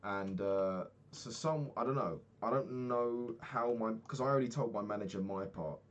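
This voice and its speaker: Candid man, low voice. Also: normal speed. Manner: candid, swears freely, acts out quoted people. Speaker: podcast host. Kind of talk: casual storytelling monologue.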